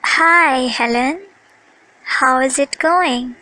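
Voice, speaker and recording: A woman's voice: high voice, fairly even intonation, takes it slowly, vocal fry, a bit bright, full character voice, low-quality recording. A woman voicing a friendly young woman who chats with a friend in a scripted lesson dialogue.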